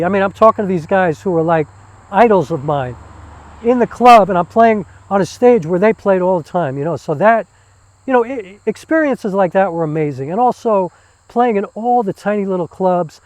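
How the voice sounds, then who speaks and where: Enthusiastic man with a high voice. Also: poor audio. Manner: enthusiastic, loose, many fillers. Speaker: theater performer and former musician. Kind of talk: casual interview talk.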